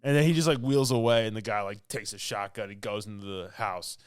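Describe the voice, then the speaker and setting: A man with a smooth, resonant voice rambles through a movie plot for his podcast, full of fillers and asides. The sound is close and dry, with no room around it. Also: fairly low pitch, a little fast, no room sound. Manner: rambling, filler-heavy storytelling with laughs. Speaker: podcast co-host. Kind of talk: casual movie recap.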